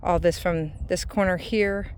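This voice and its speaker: A woman's voice: fairly low pitch, steady tone, a little mellow, a little hiss or hum. A woman, talking casually in a rambling vlog as a mother. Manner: chatty, rambling, with drawn-out fillers. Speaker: vlogger and mother.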